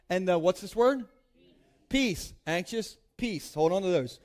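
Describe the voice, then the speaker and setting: A man's voice: sits high, animated, a little slow, a little mellow. A man in his thirties from Delaware, preaching to a congregation in a casual, joking way with lots of playful asides. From Delaware, United States. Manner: chatty, peppers speech with "like", playful asides. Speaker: pastor. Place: church stage before a congregation.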